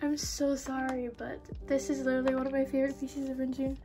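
High-voiced young woman, gushing vlogger opening mail, music underneath. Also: fast talker. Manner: excitable, gushing, breathy exclamations. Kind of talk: unboxing haul vlog. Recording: background music.

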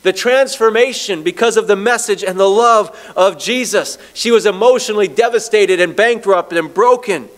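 A man pastor preaching a sermon, telling stories and slowing down to read scripture. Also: high voice, a bit bright. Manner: storytelling preacher, slows down on scripture.

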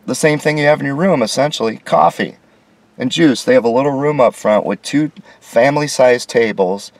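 A man's voice: medium pitch, darkish tone, no echo. A man reviewing a budget hotel in a casual, complaining way, his voice rising in disbelief at the prices. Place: hotel room.

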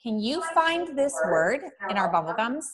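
Woman teacher with a raised pitch. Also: sing-song. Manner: slow call-and-response spelling, sing-song chant; chatty, loose asides with fillers between activities. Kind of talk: online early-literacy lesson for young children.

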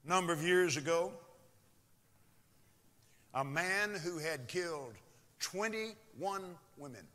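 A man preaching a sermon with a high, bright voice. His delivery is dramatic and unhurried, swinging widely from loud shouts to hushed whispers, and it echoes through a long hall reverb. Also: animated. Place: church.

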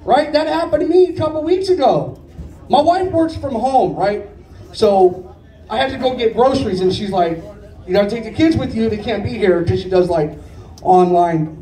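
Caught from a distance in a room full of echo, this man in his late thirties performs a stand-up storytelling set. His voice is high yet mellow, and he wanders through his tales with a casual, conversational flow and plenty of cursing.

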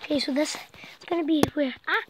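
High-pitched breathless girl, rambling vlog. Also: quick pace, noisy background. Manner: rambling and chatty, drops to a whisper at times. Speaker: vlogger. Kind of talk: casual night vlog. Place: small blanket fort indoors at night. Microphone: camera set close by.

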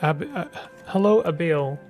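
A man reading game dialogue aloud as a suave, whiskered male creature thief who loves treasure, in a smooth, flattering, theatrical way. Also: a little high, measured pace, faint music behind, close to an everyday voice. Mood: scheming.

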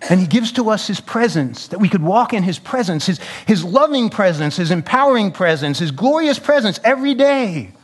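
A male pastor with a notably high voice delivers a fervent sermon, building through repeated phrases. He drops into casual slang and chatty asides between scripture readings. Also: lively intonation, brisk, few pauses, slightly rough. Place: church sanctuary.

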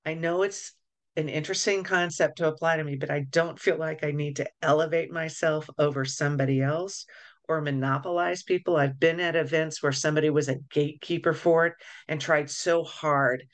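A woman's voice: deep voice, steady tone, a little fast. A woman co-hosting a casual podcast chat as an energy healer, thinking aloud with frequent restarts.

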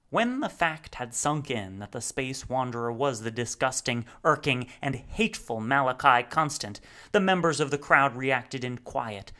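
A man narrating a novel as an audiobook reader, with expressive, wry storytelling. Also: mid-range voice. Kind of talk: scripted narration.

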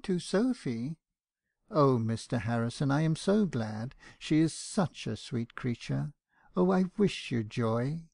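A man reading the lines of a tearful, earnest young woman in an audiobook, pitching his voice up a little and pleading. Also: expressive, takes it slowly, creaky, darkish tone, dry recording, studio quality, exaggerated voice. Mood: delighted.

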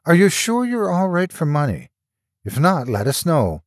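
A man voicing an excitable, cheerful man on the phone who talks in a lively sing-song. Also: a little high, normal speed, dry recording, clean studio sound, voice pushed up. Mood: reassuring.

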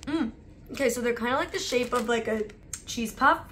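A woman's voice: on the high side, brisk, a bit bright, slight background noise. A young adult woman vlogger chatting casually while taste-testing snacks, talking in a loose, rambling way full of "like". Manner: chatty, leans on "like" as filler.

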